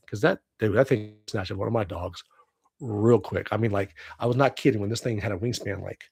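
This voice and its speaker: A man's voice: fairly low pitch, fairly quick, creaky, darkish tone, husky, no echo. A man in his forties from the United States hosting a casual livestream from home on a webcam, rambling, laughing often and swearing freely. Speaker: livestream host.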